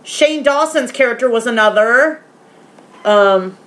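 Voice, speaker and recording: A woman in a casual vlog, retelling a horror film's ending in animated detail, swearing often and now and then softly talking aside to her pet. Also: medium pitch, a little slow. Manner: animated, swearing, retelling scenes with quoted voices. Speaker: vlogger. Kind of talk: casual movie review vlog.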